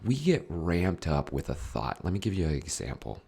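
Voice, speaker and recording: A man hosting a casual podcast chat, talking in an animated way with many restarts. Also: sits low, moderate pace, creaky, breathy edge. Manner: animated, many restarts, acts out worried thoughts. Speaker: podcast host.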